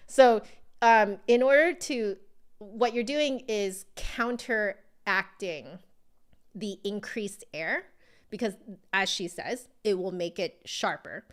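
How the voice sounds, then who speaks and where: A young woman, a flute teacher, casually reviewing a book and reading passages aloud with gushing enthusiasm. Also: medium pitch.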